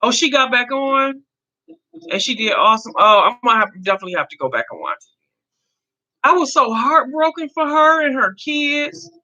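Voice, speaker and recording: Animated woman in her fifties chatting. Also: high-pitched, moderate pace, highs cut off. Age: 50s. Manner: chatty, reads out and answers viewer comments. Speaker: livestream host. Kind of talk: casual live chat.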